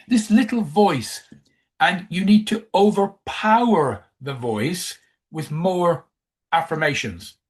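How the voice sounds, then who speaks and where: A man's voice: fairly high pitch, expressive, slow pace. A man giving a coaching presentation, emphatic, who repeats key phrases.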